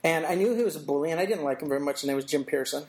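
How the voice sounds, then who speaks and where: A middle-aged man, an interview guest, telling a personal story in a thoughtful way, with halting restarts and little acted-out quotes. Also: fairly high pitch, a little mellow.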